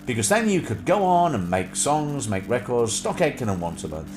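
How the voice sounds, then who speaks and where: A man's voice: mid-range voice, sing-song, moderate pace. A man in his thirties hosting a live stream, chatting in a casual, rambling way with many fillers and restarts. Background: music.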